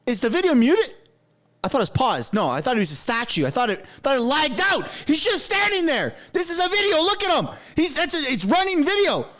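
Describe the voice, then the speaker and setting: A man live-streaming from his basement, reacting to a political video with loud yelling and swearing. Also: very high-pitched, big pitch swings, brisk. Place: home basement. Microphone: headphones with a desk mic.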